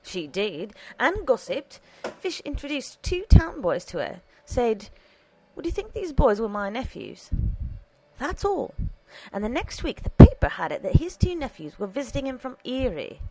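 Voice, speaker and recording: A woman's voice: on the high side, big pitch swings, a little slow, mellow, pitched above the performer's own voice, heavily acted, rough recording. A woman reading aloud and voicing a wry, chatty male priest around sixty who likes to gossip.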